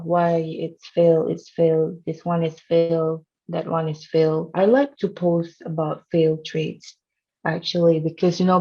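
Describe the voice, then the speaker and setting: Woman, trading instructor, playful, teasing, slow, fairly low voice, dull recording. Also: a little mellow. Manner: playful, teasing, laughs often, non-native English. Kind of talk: teaching a course over a chart. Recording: dull lo-fi sound.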